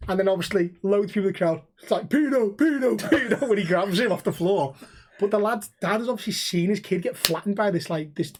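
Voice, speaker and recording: A man's voice: sits high, fast, noisy background. A young man, co-hosting a podcast and telling stories in casual chat, swearing freely and acting out the people in them. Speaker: podcast co-host.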